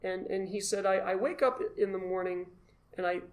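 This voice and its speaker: A man as the guest, telling his story in an animated, self-deprecating way and acting out his own past thoughts. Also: sits high, moderate pace. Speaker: guest, costumed charity volunteer. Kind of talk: casual storytelling in a conversation.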